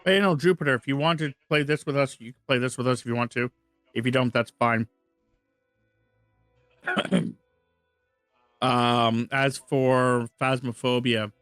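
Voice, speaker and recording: A man streaming a video game, chatting casually with friends in a relaxed, rambling way and correcting himself as he goes. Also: mid-range voice, no room sound. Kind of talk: casual let's-play chat.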